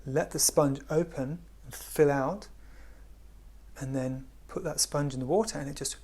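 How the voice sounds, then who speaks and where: A man giving a spiritual talk in a gentle, unhurried way, often dropping to a hush. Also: a little high, fairly even intonation, slightly rough. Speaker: spiritual teacher.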